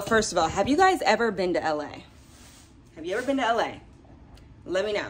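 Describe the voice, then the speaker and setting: A young woman talking casually to camera in her home as a vlogger, chatty and animated. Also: fairly high pitch, distant mic, a little hiss or hum. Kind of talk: casual vlog chat to camera.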